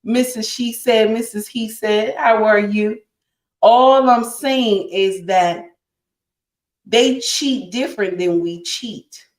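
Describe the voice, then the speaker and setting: Taking it slowly in an echoey room, a livestream host with a slightly high voice talks relationships with her live chat. She is emphatic and repeats herself, addressing listeners as "honey" and "my dear."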